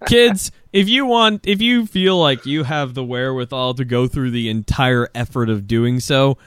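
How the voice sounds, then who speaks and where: A man hosting a casual podcast, talking in an animated way and swearing freely. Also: mid-range voice, smooth, dry recording, clean studio sound. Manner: animated, swearing, quick asides. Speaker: podcast host.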